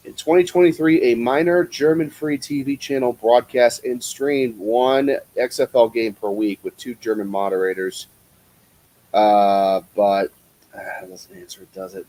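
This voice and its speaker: A man's voice: on the low side, lively intonation, measured pace, mellow, rough recording. A man from the Cincinnati area doing casual, profane play-by-play commentary on a live stream, chatting with viewers in between.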